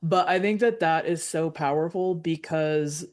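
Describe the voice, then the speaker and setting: A woman's voice: deep voice, unhurried, darkish tone. A woman co-hosting a talk podcast, speaking earnestly in long run-on thoughts full of "like". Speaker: podcast co-host. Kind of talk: casual chat.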